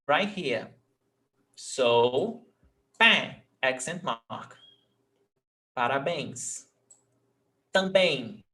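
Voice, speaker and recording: His voice is a little high, bright, and forceful as he teaches a live Portuguese lesson in English, patiently repeating words for the class. Portuguese is his first language.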